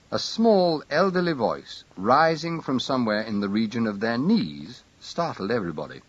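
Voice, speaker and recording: A male audiobook narrator with a husky voice who tells the story at a measured pace with wide, lively pitch. The reading is dry, with no room echo. The sound is slightly muffled. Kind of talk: scripted narration.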